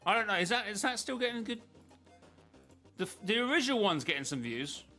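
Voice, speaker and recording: A man's voice: sits high, very animated, brisk, bright, forceful tone, faint music behind. A man streaming a game, chatting casually with his viewers in a rambling, self-interrupting way. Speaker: gaming streamer.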